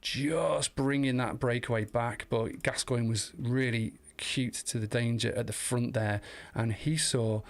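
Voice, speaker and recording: A man giving live commentary on a virtual cycling race, chatty and talking to viewers in the chat, climbing into excited shouts in the sprints. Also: mid-range voice, a little slow.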